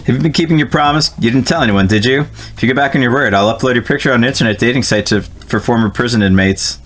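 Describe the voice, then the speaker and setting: A man's voice: medium pitch, quick pace, fairly bright tone, natural voice. A man voicing a smug, shady middle-aged businessman as he reads game dialogue aloud. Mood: threatening.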